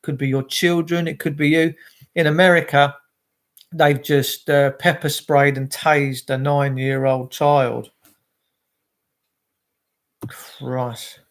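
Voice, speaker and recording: A man's voice: fairly high pitch, flat delivery, slow pace, pauses often. A man, hosting a casual livestream, greeting viewers by name and ranting. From England. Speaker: livestream host.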